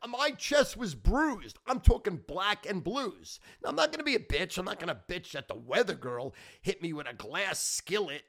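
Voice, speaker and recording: Brash, excitable middle-aged man. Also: high voice, moderate pace, creaky, few pauses. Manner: brash, profane, boastful and excitable. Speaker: podcast host. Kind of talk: casual storytelling monologue.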